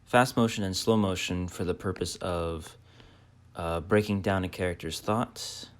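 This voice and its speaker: A young man, a film student, narrating a video essay in a measured way with filler sounds. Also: low-pitched, fairly even intonation. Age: young adult.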